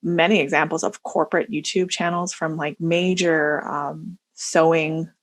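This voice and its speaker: A woman co-hosting a podcast in casual chat, talking in a chatty, animated way with many restarts. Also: low voice, unhurried. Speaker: podcast co-host.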